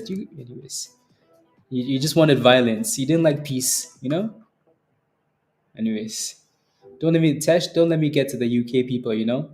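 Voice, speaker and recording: A man's voice: mid-range voice, moderate pace, pauses often, a little mellow, faint music behind. A young adult man hosting a live stock trading stream, chatting casually and teasing his viewers, repeating phrases and laughing often. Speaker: stock trading livestream host. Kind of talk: casual livestream chat reading the chat.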